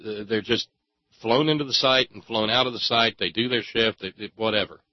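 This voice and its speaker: A man's voice: lowish voice, a little fast, dry recording, dull audio. A man ranting in sarcastic, angry commentary and swearing freely. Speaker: political commentator.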